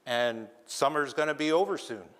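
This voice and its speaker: A man's voice: mid-range voice, lively intonation, moderate pace, a bit bright, lightly acted. A man voicing Raven, a greedy, boastful supernatural trickster bird, exclaiming in a self-satisfied way. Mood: scheming.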